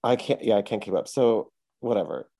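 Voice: medium pitch, animated, brisk, mellow. A podcast co-host in casual chat, laid-back and sardonic, with the odd swear. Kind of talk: casual chat about Bible reading.

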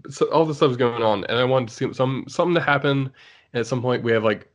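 A man's voice: medium pitch, fast talker. A man co-hosting a casual chat about shows, rambling with lots of fillers and restarts. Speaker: podcast co-host.

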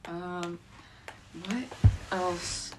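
A woman co-hosting a casual podcast chat in a soft-spoken, measured way. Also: lowish voice, steady tone, noisy background. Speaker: podcast co-host.

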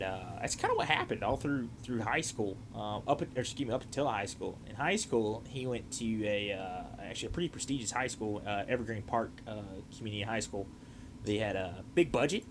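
A man's voice: fairly low pitch, a bit bright, a little hiss or hum. A man hosting a podcast, telling a story in a casual, rambling way with lots of fillers and restarts. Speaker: podcast host.

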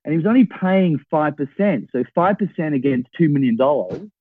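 A man in his sixties, a guest telling an animated story and checking in with his listeners as he goes. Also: on the high side, fairly quick, breathy edge, dry recording. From Australia. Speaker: podcast guest, property investor. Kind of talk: storytelling in a conversation. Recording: tinny phone-like line, dry.

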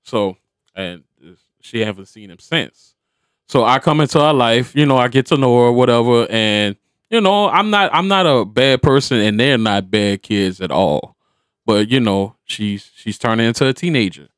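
A man's voice: medium pitch, moderate pace, smooth, no echo, studio quality. A middle-aged man, a stepfather, telling a family story in casual, slangy talk full of profanity, acting out what each person said. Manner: animated, profane, slangy, acts out what people said.

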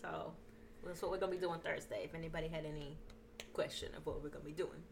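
A woman's voice: deep voice, fairly even intonation, quick pace, creaky, a little hiss or hum. A young woman co-hosting a casual podcast, dry and self-deprecating, swearing heavily. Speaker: podcast co-host. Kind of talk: casual chat.

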